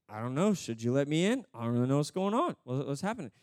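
A man's voice: on the high side, big pitch swings, fast talker, darkish tone, no echo, studio quality, voice pushed down. A man voicing a confused thief who has just arrived in heaven, mumbling and unsure. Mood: bewildered.

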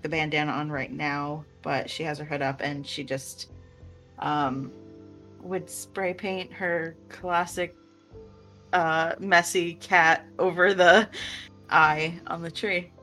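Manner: halting, unhurried. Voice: bright woman. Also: on the low side. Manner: hesitant, halting. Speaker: player. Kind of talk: casual tabletop game chat.

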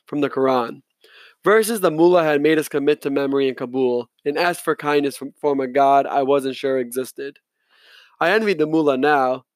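A man's voice: a little high, no echo, studio quality. A man narrating a novel in the first person, reading plainly with the odd slip and restart. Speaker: audiobook reader.

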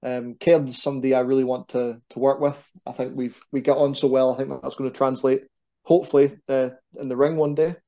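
Mellow-voiced man chatting animatedly. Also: mid-range voice, a little fast. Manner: animated, self-deprecating, rambling. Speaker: podcast guest, wrestler. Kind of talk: casual chat.

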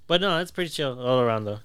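A laid-back young man in casual chat, his smooth, clear voice recorded dry and close with no room echo. He hedges constantly and swears freely as he talks. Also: medium pitch, a bit bright. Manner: laid-back, hedging with "I mean", frequent swearing. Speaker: podcast co-host, delivery driver.

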